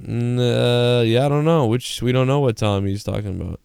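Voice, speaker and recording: A man's voice: mid-range voice, normal speed, creaky, darkish tone, clear, resonant tone, no room sound, studio quality. A young adult man chatting crudely on a live show, tired and drunk, rambling and swearing with lots of laughs. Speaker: podcast co-host. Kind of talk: crude casual banter.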